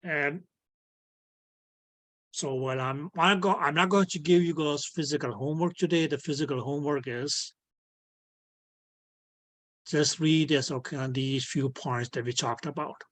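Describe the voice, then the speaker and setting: A man's voice: on the high side, a little slow, pauses often, a bit bright. Man teaching, peppered with "okay". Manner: repeats "okay" as filler, non-native grammar slips. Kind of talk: online physics lecture. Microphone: video call.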